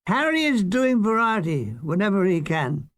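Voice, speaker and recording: A man's voice: high-pitched, very animated, moderate pace, a bit bright, no echo. An older man narrating his own war memoir as an audiobook, with dry, wry comic timing. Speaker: author reading his memoir.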